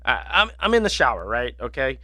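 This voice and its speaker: Animated, profane male betting-show host. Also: medium pitch, a little fast, no echo, studio quality. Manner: rambling, profane storytelling with many fillers. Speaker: sports betting podcast host. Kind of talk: casual chat.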